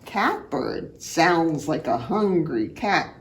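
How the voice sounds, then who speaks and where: Lively woman slowly reading to kids. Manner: animated storytelling, imitating bird calls in high loud chirps. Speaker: children's art program teacher reading aloud. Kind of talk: reading a picture book aloud to children.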